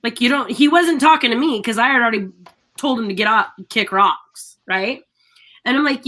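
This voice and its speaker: A woman co-hosting a live talk show, telling animated stories in casual chat and laughing often. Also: high-pitched, normal speed. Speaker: radio show co-host.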